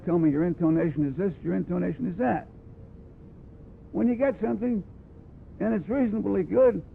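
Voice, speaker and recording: Heard on tinny, phone-like archival tape with faint hiss underneath, a high, gravelly-voiced brass instructor leads a clinic on breathing for a room of students. His teaching talk is blunt and conversational, plainspoken and wry, and he scats phrases to show what he means.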